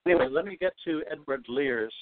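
An older man, a retired teacher, explaining things patiently in a podcast interview, with many "uh" pauses. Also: on the high side, expressive, noisy background. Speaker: guest, retired teacher and limerick author. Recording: dry, phone-like audio.

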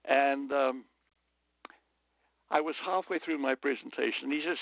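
A British man from London tells anecdotes as an interview guest, earnest and prone to little pep talks. His voice is gravelly, sitting at an ordinary pitch. It comes through a dry, tinny phone line. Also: moderate pace, no echo. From London, England. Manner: lively, earnest raconteur who drifts into motivational asides. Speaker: guest storyteller.

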